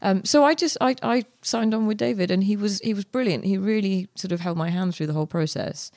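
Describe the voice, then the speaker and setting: A young woman, a guest author, telling her story in a relaxed interview, chatty with many fillers and restarts. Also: medium pitch, a little fast, no room sound.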